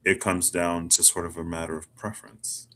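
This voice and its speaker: A man's voice: low voice, steady tone, moderate pace, pushed and bright. A man doing a casual self tarot reading, musing and rambling with lots of "like". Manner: musing, rambling, chatty with filler "like". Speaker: tarot reader.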